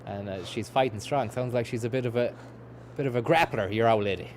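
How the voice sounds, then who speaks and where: A man streams a game and rambles on in a loose, sweary patter, reading out chat as he goes. His voice sits at an ordinary middle pitch, with a faint low hum under the recording. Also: fairly quick, a little mellow. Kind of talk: casual let's-play commentary.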